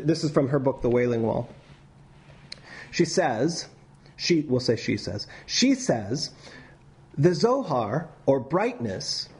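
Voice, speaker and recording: A man teaching a class, telling stories in a loose, animated way with many restarts and reading passages aloud. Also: mid-range voice. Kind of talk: lecture with read-aloud passages.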